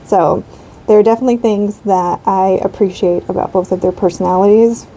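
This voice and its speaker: Thirties mom, casual rambling chat host, dark mellow tone, slight hiss behind. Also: female voice, mid-range voice, fairly even intonation, fairly quick, poor audio. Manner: rambling, frequent ums and likes. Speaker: craft channel host. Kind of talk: casual chat while coloring.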